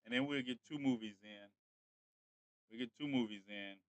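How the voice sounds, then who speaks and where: A man's voice: medium pitch, normal speed, no echo. A man hosting a casual livestream, chatting straight to his viewers. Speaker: livestream host.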